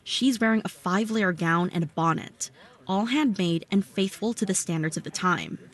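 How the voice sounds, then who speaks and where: A woman reporter narrating a scripted radio news feature in a steady, storytelling delivery. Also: on the low side, normal speed.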